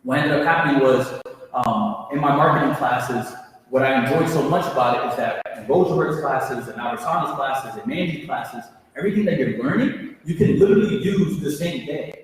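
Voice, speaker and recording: A man's voice: mid-range voice, normal speed. Young man telling a story in an echoing hall. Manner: casual, storytelling, energetic. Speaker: alumni speaker. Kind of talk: motivational talk to students. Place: large echoey hall. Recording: echoey hall from far off.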